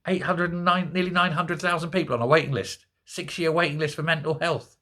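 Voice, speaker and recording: A man's voice: on the high side, steady tone, brisk, bright, forceful tone. A middle-aged man hosting a solo political commentary, ranting in a sarcastic, mocking way. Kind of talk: solo political rant to camera.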